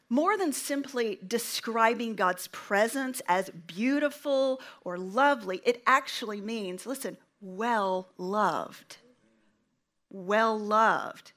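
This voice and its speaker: Woman preacher, sermon delivery: slow and deliberate, pitched a little high, leans into each phrase with pauses. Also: a bit bright. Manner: invites the congregation to respond.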